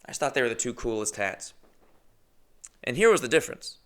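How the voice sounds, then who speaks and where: A man's voice: medium pitch, a little fast. A man in his thirties from New England, rambling through a profane, digressive comedic monologue as a podcast host while pacing his apartment on a corded mic. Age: 30s. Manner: digressive, profane, animated storytelling. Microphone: corded microphone.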